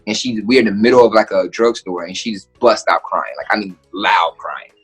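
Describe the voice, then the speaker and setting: A young adult man, a comedian, telling stories in a casual interview, lively and acting out the people he quotes. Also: fairly low pitch, a little fast, breathy edge, faint music behind. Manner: animated storyteller, acts out quoted voices. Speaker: comedian and guest.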